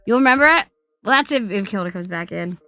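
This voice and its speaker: Woman streamer w bright sharp voice, curses a ton, jumps from yelling to mumbling, dry close mic. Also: mid-range voice, clear, resonant tone, dry recording, soft background music. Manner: profane, excitable, quick swings between loud outbursts and muttering. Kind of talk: casual chat with stream chat.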